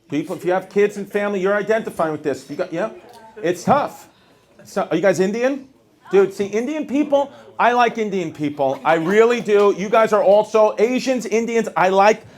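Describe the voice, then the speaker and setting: A man doing a stand-up set on a comedy club stage, telling stories in an animated, exasperated way. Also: sits high. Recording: live stage with crowd laughter.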